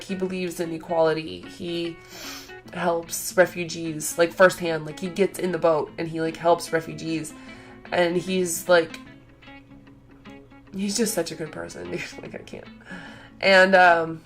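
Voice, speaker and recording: A young woman vlogging in casual chat, gushing and excitable, full of "like" fillers. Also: fairly low pitch, unhurried, pauses often, faint music behind.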